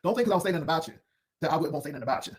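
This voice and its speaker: A man's voice: fairly high pitch, animated, very fast. A man hosting an unscripted drama commentary video, firing off sassy, cutting put-downs in a rambling way. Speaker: YouTube commentary host.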